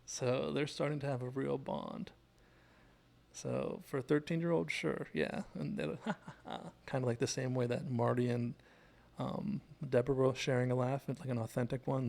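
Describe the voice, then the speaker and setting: A man hosts a casual scene-by-scene breakdown of a TV episode, recapping the plot and drifting into asides. His middle-range voice has a steady gravelly fry. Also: medium pitch, normal speed. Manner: chatty and digressive, retells scenes. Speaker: TV show analysis host.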